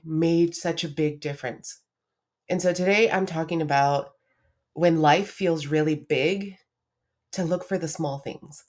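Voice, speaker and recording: Young woman, podcast host, low voice, candid and chatty, frequent "like"s. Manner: candid and confessional, lots of "like" and restarts. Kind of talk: casual personal monologue.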